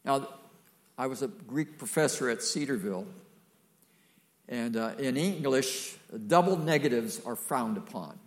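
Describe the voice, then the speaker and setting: Slow, gravelly older male preacher. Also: medium pitch, animated. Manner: folksy and emphatic, with playful asides to the congregation. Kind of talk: sermon.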